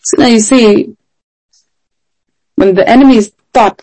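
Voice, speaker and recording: A woman's voice: on the high side, slow pace, long pauses, dark tone, poor audio. A woman preaching a sermon in an earnest, emphatic way, often asking rhetorical questions.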